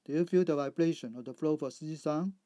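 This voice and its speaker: A man teaching English pronunciation, reading out sounds and example words one at a time in a measured instructional narration. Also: a little high, dark tone, dry recording. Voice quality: measured, deliberate word-by-word delivery. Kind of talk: slow instructional narration over slides.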